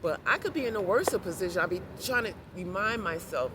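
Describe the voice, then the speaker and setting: A woman's voice: medium pitch, expressive, fairly quick. A woman vlogging in casual talk, rambling and repeating reassurances to herself. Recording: noisy outdoor street recording.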